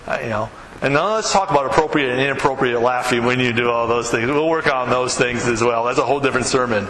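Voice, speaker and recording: A man's voice: mid-range voice, fast. A middle-aged man, preaching a sermon as pastor in a loose, conversational way, often tagging lines with "right?". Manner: conversational, keeps asking "right?"; tells stories with vivid, animated mimicry. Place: church sanctuary. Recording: echoey hall, noisy room tone.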